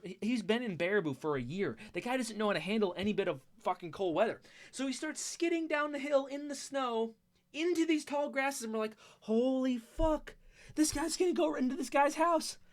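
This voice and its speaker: A storyteller telling a story in a rambling, swearing way, full of restarts and sudden loud bursts. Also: mid-range voice.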